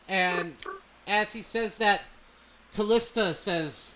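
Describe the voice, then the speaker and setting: A man's voice: sits high, takes it slowly, pushed and bright, lo-fi sound, slight background noise. A man narrating a tabletop game as game master, loose and hesitant, with many fillers.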